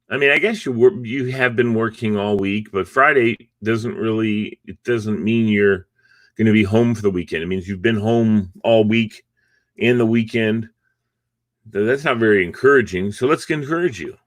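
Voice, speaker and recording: A middle-aged man with a fairly low-pitched voice, heard in echo-free studio quality, hosts a morning encouragement livestream from his home. Newly awake and drowsy, he chats in a rambling way, with yawns between thoughts and chuckling asides.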